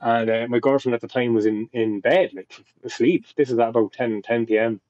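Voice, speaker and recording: A young Irish man with a mellow, darker voice tells a personal story in a loose, rambling way. He swears often and keeps restarting his sentences. The sound is dry and slightly dull, like a lo-fi podcast mic. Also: medium pitch, fairly quick, no echo. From Ireland. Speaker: podcast guest. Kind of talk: casual storytelling.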